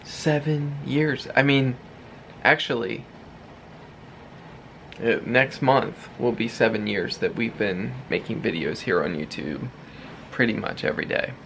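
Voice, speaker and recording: Gravelly-voiced man chatting at home. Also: mid-range voice, measured pace, fairly bright tone, a little hiss or hum. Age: 30s. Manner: chatty, laughs often, thinks aloud. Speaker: vlogger. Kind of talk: casual vlog talk. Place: home, third-floor office. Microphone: handheld camera.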